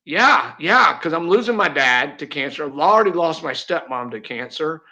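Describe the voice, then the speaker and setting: A man's voice: fairly high pitch, animated, normal speed, pushed and bright. A middle-aged man telling a heartfelt personal story as an interview guest, earnest, with many restarts. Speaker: real estate agent, interview guest.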